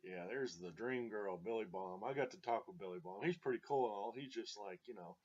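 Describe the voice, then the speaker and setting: A man's voice: on the low side, a little fast, few pauses. A man reminiscing in casual storytelling, rambling with many fillers and chuckles, in a dull lo-fi recording.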